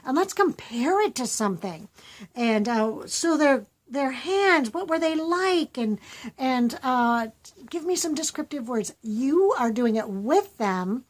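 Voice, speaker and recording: A woman, a homeschooling mother, giving chatty, animated teaching tips in a casual vlog. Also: high voice, slow. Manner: chatty, animated, acts out voices.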